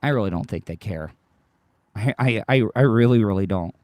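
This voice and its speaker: A man hosting a livestream podcast in a rambling, excitable chat, his voice strained and tired, swearing casually. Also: fairly low pitch, moderate pace, no room sound. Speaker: podcast host.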